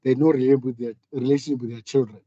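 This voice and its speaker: A man's voice: mid-range voice, fairly even intonation, very fast, mellow, no room sound, muffled recording. A middle-aged man, giving a candid, earnest talk as a panel speaker and telling a personal story with frequent restarts. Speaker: panel speaker, business leader. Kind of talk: reflective public talk.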